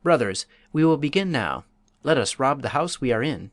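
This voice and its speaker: A stout, gruff bandit bellows short lines in a raised, hearty voice, as a male reader puts him on. The recording is dry and close. He sounds bold and rough. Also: mid-range voice, animated, normal speed, dry recording, pitched above the performer's own voice, lightly acted. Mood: rousing. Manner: loud and hearty. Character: fat, gruff bandit man.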